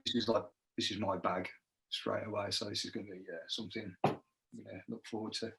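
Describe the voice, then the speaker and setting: A man's voice: fairly low pitch, flat delivery, fairly quick, gravelly, fairly bright tone. A man joining a casual beer review as a guest, laddish and forever calling his friend mate. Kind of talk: casual chat.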